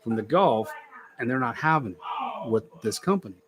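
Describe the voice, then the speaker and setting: A man's voice: mid-range voice, expressive, normal speed. A middle-aged man telling a story in casual chat, acting out quoted voices and laughing often.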